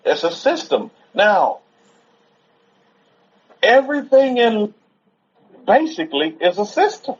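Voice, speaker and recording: A man gives an informal, rambling sermon at a Sabbath gathering, talking conversationally, repeating himself, and stopping to soothe a toddler. His high-pitched voice swings widely in pitch as he speaks slowly with frequent pauses, on a dull lo-fi recording.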